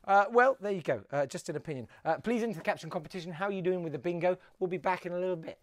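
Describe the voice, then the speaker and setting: A man's voice: high voice, rapid-fire. A man hosting a solo live comedy webcast, talking in a wry, rambling way with many fillers and restarts. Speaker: host.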